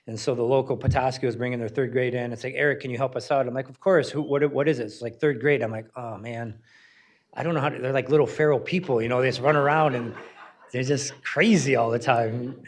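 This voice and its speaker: Man telling a story in casual talk. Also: mid-range voice. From Northern Michigan. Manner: conversational, self-deprecating, acts out dialogue with fillers. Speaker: museum educator and panel host.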